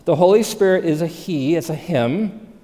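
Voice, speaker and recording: A man preaching a sermon, animated, moving between loud emphasis and hushed, soft delivery. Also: a little high, normal speed. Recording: long reverb of a large hall.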